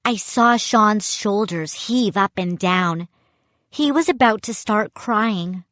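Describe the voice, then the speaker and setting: A woman narrating a spooky children's audiobook in an expressive, dramatic first-person reading. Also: mid-range voice, slow, no room sound. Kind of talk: scripted storybook narration.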